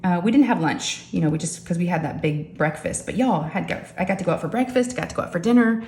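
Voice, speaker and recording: Middle-aged woman vlogger, chatty storyteller, lowish voice, echoey home room. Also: fast talker. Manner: chatty, animated, addresses viewers as y'all. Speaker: crafting vlogger. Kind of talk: casual storytelling chat. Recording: echoey room with faint ambience.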